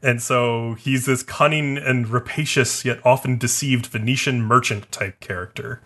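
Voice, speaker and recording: A man's voice: mid-range voice, fairly even intonation, normal speed, fairly bright tone. A man co-hosting a casual podcast chat, rambling and using lots of filler words. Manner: rambling, heavy use of "like" fillers. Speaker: podcast co-host.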